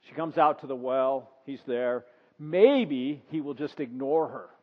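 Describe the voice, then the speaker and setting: A man's voice: mid-range voice, animated, unhurried. A man preaching a sermon in a conversational way, acting out the story in voices. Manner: conversational, acts out the scene in voices. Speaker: pastor. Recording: dull sound with long reverb.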